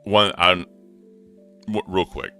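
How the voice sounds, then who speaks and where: A man's voice: low-pitched, level tone, slow pace, sharp tone, faint music behind. A man hosting a casual commentary stream, reacting loosely and swearing as he talks. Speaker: stream host.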